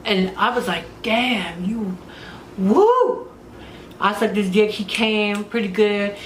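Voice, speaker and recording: A woman telling frank stories in casual chat as a podcast host, crude, profane and animated. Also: mid-range voice, normal speed. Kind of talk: candid casual storytelling. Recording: roomy room with faint noise.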